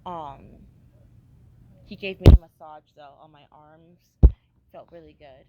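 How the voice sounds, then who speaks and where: A woman's voice: low voice, steady tone, unhurried, very noisy. A young woman vlogging a casual travel diary, tired and hungover, rambling with lots of fillers and scolding herself. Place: airport waiting area.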